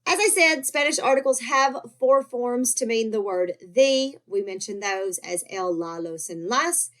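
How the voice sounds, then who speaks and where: A woman's voice: fairly high pitch, lively intonation, unhurried, fairly bright tone. A woman teaching a recorded grammar lesson, explaining patiently and checking in often with "okay?" and "right?". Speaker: Spanish teacher.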